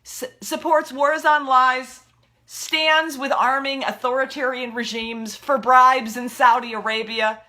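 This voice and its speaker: A woman's voice: high-pitched, little pitch movement, unhurried, pushed and bright. A woman ranting about politics in a frustrated, heated way, often stumbling and restarting her words. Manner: exasperated, ranting, stammering restarts. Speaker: political video blogger. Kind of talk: impassioned political rant.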